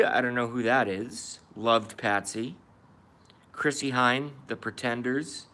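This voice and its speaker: Bright-voiced man ranting on a stream. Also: mid-range voice. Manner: blunt, swears freely, reacts to chat. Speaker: livestream host. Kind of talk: casual livestream rant.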